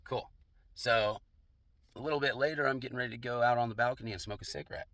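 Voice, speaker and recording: A man's voice: medium pitch, fast talker, a bit bright, no room sound. A young man telling a casual, profane personal anecdote in a laid-back way, laughing along. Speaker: storyteller.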